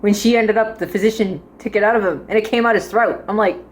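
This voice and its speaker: A woman's voice: medium pitch, fast talker. A young woman chatting casually as she reviews a drama, rambling and giggling often as she goes.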